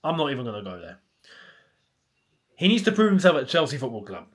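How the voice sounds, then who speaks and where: A man's voice: medium pitch, big pitch swings, quick pace. A young man, hosting a casual football chat and ranting with plenty of rhetorical questions. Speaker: football channel host.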